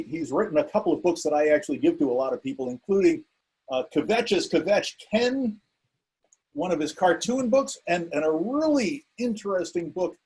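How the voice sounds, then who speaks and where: Brief: husky, slightly high male host, rambling intros on a video call. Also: a little mellow, rough recording. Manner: rambling, with many fillers. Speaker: event host. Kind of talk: introducing speakers.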